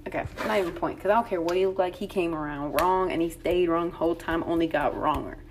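A young woman telling a story in a casual, profane chat, blunt and animated, acting out the exchanges with lots of fillers. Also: on the low side, fast, slight background noise.

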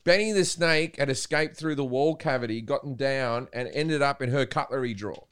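A man with an Australian accent telling loud, swear-filled anecdotes in casual podcast chat. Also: medium pitch, normal speed, clear, resonant tone. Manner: loud, swearing, does silly voices in anecdotes. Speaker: podcast guest. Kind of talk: casual storytelling.

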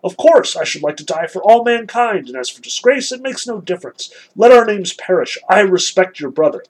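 A man voicing a fervent, romantic teenage schoolboy, exclaiming in a raised, excited voice as he reads a novel aloud. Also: sits high, fairly quick, voice pushed up. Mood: zealous.

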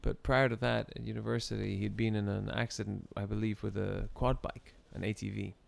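A man telling a story in casual chat, animated and often breaking into laughter. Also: on the low side, fairly quick, vocal fry.

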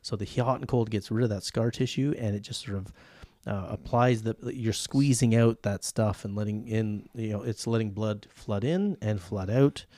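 Low-voiced man, casual podcast co-host. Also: normal speed, hardly any pauses, mellow, no echo. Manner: chatty, tells anecdotes, jokes around. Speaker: podcast co-host, former pro volleyball player and coach. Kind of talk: casual chat.

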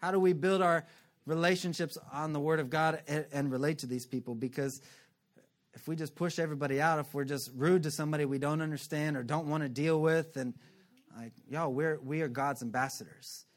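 Animated joking male pastor preaching. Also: a little high. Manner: animated, joking, acts out quick character voices. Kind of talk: sermon.

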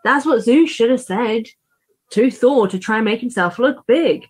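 A woman's voice: a little high, expressive, a little slow, husky. Chatty female co-host, rambling, giggly, lots of "like" and "um". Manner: rambling, laughs often, many fillers. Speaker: podcast co-host. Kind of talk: casual chat.

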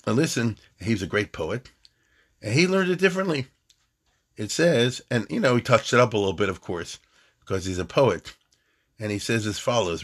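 A man's voice: on the low side, expressive, fairly quick, slightly rough. Chatty, digressive male Talmud teacher. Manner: chatty and digressive, with frequent restarts. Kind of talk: conversational Talmud lecture.

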